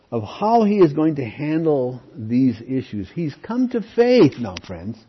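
Husky-voiced man preaching a sermon. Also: a little high, muffled recording. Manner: conversational preaching with frequent "okay?" check-ins. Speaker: pastor.

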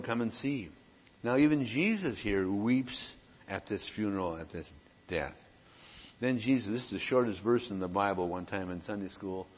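A man preaching a sermon, reading scripture aloud and breaking off to comment and joke, often clearing his throat. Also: fairly low pitch. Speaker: pastor. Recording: dull lo-fi sound with long hall reverb.

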